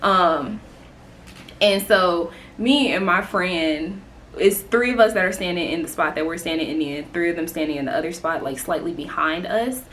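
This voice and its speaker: Animated young woman with Southern accent. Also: on the low side, a little hiss or hum. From Indiana, United States. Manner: animated, swears freely, quick to laugh. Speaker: vlogger. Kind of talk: casual storytime.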